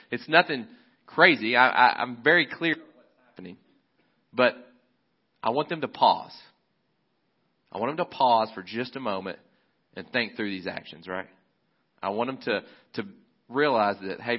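A man preaching a sermon as a pastor, relaxed and conversational, often restarting his phrases. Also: medium pitch, moderate pace, pauses often, lo-fi sound.

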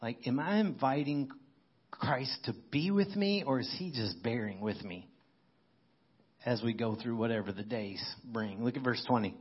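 A man's voice: mid-range voice, normal speed, slightly rough, muffled recording. A man preaching a sermon in a conversational way, as if thinking aloud. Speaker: pastor.

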